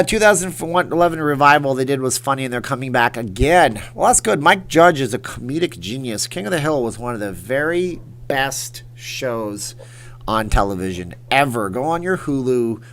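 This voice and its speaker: A man's voice: medium pitch, animated, moderate pace, a bit bright, a little hiss or hum. A man hosting a casual late-night livestream, answering chat questions in a rambling, jokey way. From Las Vegas. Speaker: livestream host.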